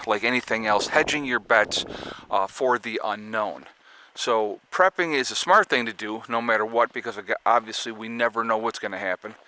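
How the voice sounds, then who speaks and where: Prepping vlogger, male, casual and rambling, bright tone, recorded outdoors. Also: mid-range voice. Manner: rambling, chatty, sarcastic asides. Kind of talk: casual chat to camera.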